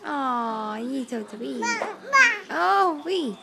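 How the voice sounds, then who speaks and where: A young mother coos at her toddler in very high, swooping baby talk, drawn out very slowly. Her voice slips into a gravelly fry at the ends of phrases. Other voices are clearly heard in the background of the home video. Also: expressive, crowd noise. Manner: sing-song, cooing and praising, repeats words for the child.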